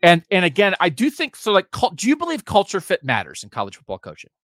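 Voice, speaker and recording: A man's voice: high-pitched, huge pitch swings, fast talker, a bit bright, no echo, clean studio sound. A man co-hosting a sports podcast, giving emphatic, opinionated talk with sarcastic asides.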